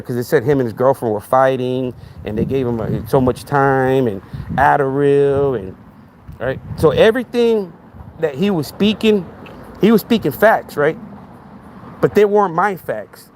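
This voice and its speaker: A man's voice: mid-range voice, slight background noise. A man hosting a podcast in a casual monologue, talking emphatically, repeating himself and asking "right?" again and again. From Texas. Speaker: podcast host.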